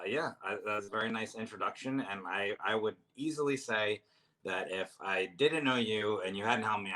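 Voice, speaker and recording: A man's voice: sits low, pushed and bright. A man, a comedian guest in a casual chat, talking in a rambling, self-deprecating way with lots of restarts. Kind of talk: casual chat over drinks.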